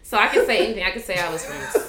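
A woman's voice: mid-range voice, racing, echoey room, slight background noise. An American woman telling a story in casual conversation, acting out what people said to her. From United States. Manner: animated, acts out quoted people.

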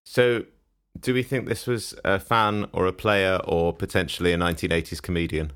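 A man's voice: sits low, steady tone, normal speed, a bit bright, clear, resonant tone. A man co-hosting a comedy podcast, teasing and rambling, laughing often. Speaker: podcast co-host. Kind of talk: casual comedic podcast chat.

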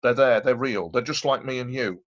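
A man talks earnestly as an interview guest, circling back and repeating his points. His voice sits at an ordinary pitch for a man. The recording sounds dull and lo-fi. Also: normal speed. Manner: earnest, rambling, repeats himself. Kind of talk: interview storytelling.

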